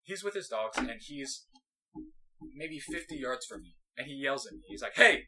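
A man's voice: mid-range voice, very animated, normal speed, sharp tone, rough recording. A young man hosting a podcast, telling a rambling story in casual chat, laughing and acting out the voices of people in it. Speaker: podcast host.

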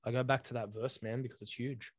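A man's voice: mid-range voice, little pitch movement, quick pace, no room sound. A young man, co-hosting a casual podcast and telling a personal story in an earnest, heartfelt way with plenty of slang. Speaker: podcast co-host.

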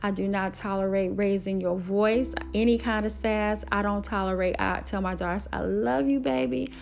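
A woman's voice: medium pitch, little pitch movement, moderate pace. A middle-aged single mother speaking candidly and emphatically about her parenting rules, in casual talk. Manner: candid, emphatic, acts out quotes in a raised voice.

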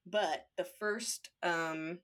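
This podcast co-host speaks extremely slowly in a lowish, fairly bright voice with fairly even intonation. The conversation is casual, and she's chatty, laughing frequently and leaning on "like" and other fillers.

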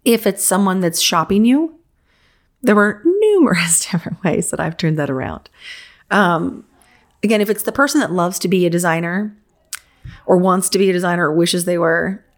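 A woman's voice: fairly low pitch, animated, moderate pace. A woman coaching interior designers in casual, frank podcast advice, talking in a conversational, emphatic way.

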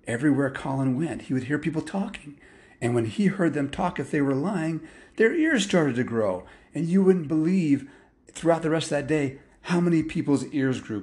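A man's voice: mid-range voice, a little mellow. A man telling a story casually, rambling and stringing clauses together with "and" and "well.".

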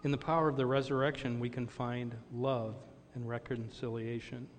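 A man's voice: mid-range voice, little pitch movement, moderate pace, in a large hall, slight background noise. A middle-aged male pastor preaching a sermon, telling personal stories in an earnest way with call-and-response asides. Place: church sanctuary.

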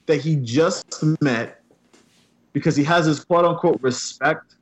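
A man with a somewhat high voice rants excitedly through a casual movie review. He piles on filler words as he talks. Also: a little slow. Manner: excitable, ranting, many "I mean" fillers.

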